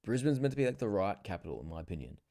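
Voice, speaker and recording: A young Australian man talks loosely on a livestream, swearing and correcting himself as he goes. His voice is very low and dark, and the sound is close and dry. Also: very animated, very fast, dry recording. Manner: rambling, swearing, drawling with fillers and self-corrections. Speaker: livestream host. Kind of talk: casual solo livestream commentary.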